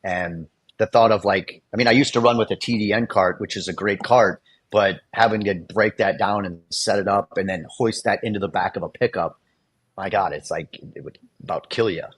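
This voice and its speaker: A man's voice: on the low side, normal speed, breathy edge. A man, a guest on a video-call show, telling shop stories in casual talk and acting out the people he quotes. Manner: storyteller who acts out quoted people. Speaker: guest, dent repair technician.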